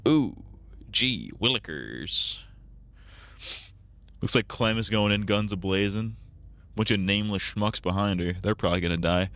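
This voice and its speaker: A man's voice: lowish voice, fairly even intonation, brisk, no room sound. A man casually commenting on a story game during a live stream, crude and joking, laughing often.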